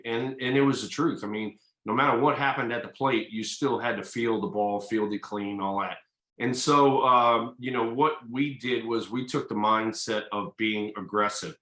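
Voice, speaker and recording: A man's voice: mid-range voice, moderate pace, a bit bright, echoey room, poor audio. An older man, a retired ballplayer, answering interview questions in an easygoing, folksy way. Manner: easygoing, folksy, fillers like "you know". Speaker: retired baseball player, guest.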